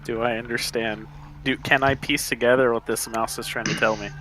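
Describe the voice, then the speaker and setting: A man's voice: mid-range voice, fairly even intonation, brisk, a bit bright, slight background noise, rough recording. A man playing a tabletop game, thinking aloud about his move. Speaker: player. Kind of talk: tabletop role-play.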